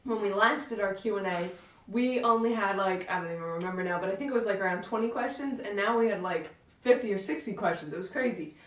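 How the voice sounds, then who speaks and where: A bubbly young woman chats casually to her viewers, often dropping in "like". Her voice sits at a middle pitch. The room is echoey, and she is a little way from the mic. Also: quick pace, far from the mic. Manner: bubbly, many "like" fillers. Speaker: vlog co-host. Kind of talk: casual chat. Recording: roomy sound from off-mic.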